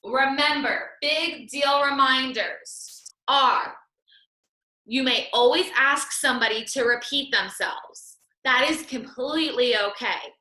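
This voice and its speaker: A woman's voice: sits high, slow, sharp tone, echoey room, recorded from a distance, poor audio. A woman teaching an English class, explaining patiently and reassuringly step by step. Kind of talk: online class lesson.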